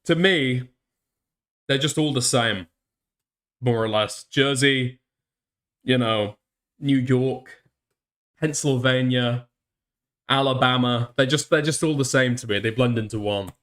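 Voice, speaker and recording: A man's voice: medium pitch, takes it slowly, pauses often, a bit bright. A man hosting commentary, chatting on a call and reacting with profane, sarcastic laughs. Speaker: commentary host.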